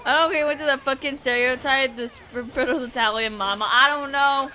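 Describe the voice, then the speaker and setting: Excitable high-pitched young woman streamer. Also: normal speed. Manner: excitable, swears freely, bursts into shouts. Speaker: VTuber streamer. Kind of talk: casual live gaming stream chat.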